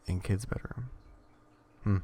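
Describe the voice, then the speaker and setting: Man, low voice, mellow dark tone, casual horror story reading, hushed, self-correcting, joking asides. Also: takes it slowly, breathy edge. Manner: rambling, stumbles and self-corrects, jokes between lines; reads in a hushed would-be ASMR horror tone. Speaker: reader of an interactive horror story.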